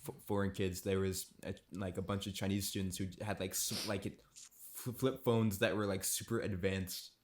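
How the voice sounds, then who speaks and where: A man's voice: low-pitched, flat delivery, moderate pace. A young man co-hosting a casual podcast, rambling and restarting his sentences. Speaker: podcast co-host. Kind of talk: casual chat.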